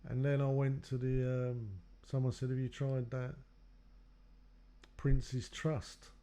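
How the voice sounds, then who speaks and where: A man's voice: mid-range voice, completely flat delivery, takes it slowly, warm tone. A man telling his own life story in a loose, rambling way, acting out what others said to him. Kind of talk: personal storytelling.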